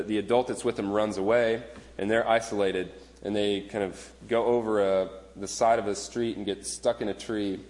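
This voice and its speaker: A man in his thirties preaching a sermon in an earnest, conversational way, often restarting his phrases. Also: lowish voice. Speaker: pastor. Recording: long reverb of a large hall.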